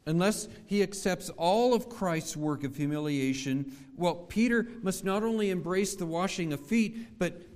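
A man's voice: high voice, a little mellow. Man preaching in a reverberant hall. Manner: measured preaching, rhetorical questions to the congregation. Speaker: pastor. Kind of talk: sermon.

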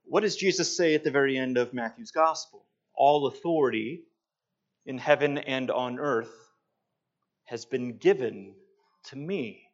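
A man preaching a sermon, slow and emphatic, pausing to stress his points. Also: mid-range voice. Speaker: pastor. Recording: dull lo-fi sound.

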